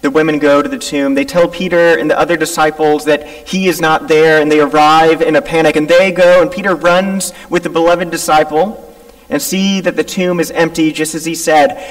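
A man preaching a sermon, retelling scripture and acting out the voices of the people in it. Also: a little high. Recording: long hall reverb.

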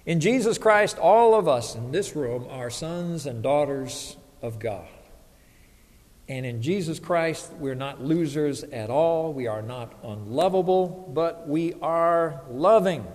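A man's voice: on the high side, lively intonation, slow, darkish tone. A man preaching a sermon as a pastor, earnest and emphatic, voice lifting when he quotes others. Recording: hall reverb.

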